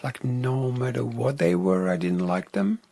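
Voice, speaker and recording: Man, interview guest, unhurried and hushed, raspy fry-laden voice, reflective tone. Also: medium pitch. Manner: soft-spoken, often dropping into a whisper.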